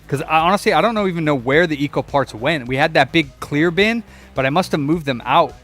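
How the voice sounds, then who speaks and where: Fairly high-pitched and animated, a young man speaks briskly in a fairly bright tone, with faint music behind him. He runs a repair shop and livestreams casually as he works and digs for parts, swearing, rambling, and talking to himself and his chat.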